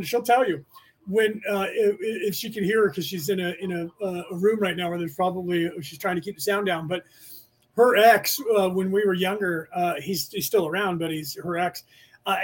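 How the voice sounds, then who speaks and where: A middle-aged man from the San Francisco Bay Area who talks in a rapid, rambling rush as he hosts a casual spiritual lecture for his podcast. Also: high voice, fairly bright tone, slightly rough. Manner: rapid, rambling, restless delivery. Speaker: podcast host teaching a class.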